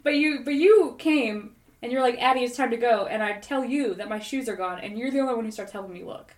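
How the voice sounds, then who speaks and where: A woman's voice: a little high, a little fast. A woman co-hosting a podcast, animatedly retelling a dream in casual chat and leaning on "like" as she goes. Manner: rambling, animated storytelling full of "like". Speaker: podcast co-host. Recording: roomy echoey recording.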